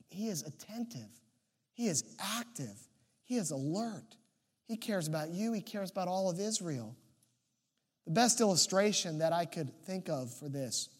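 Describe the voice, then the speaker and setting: High-voiced man preaching a sermon. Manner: expressive preaching, rising emphatic delivery. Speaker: pastor.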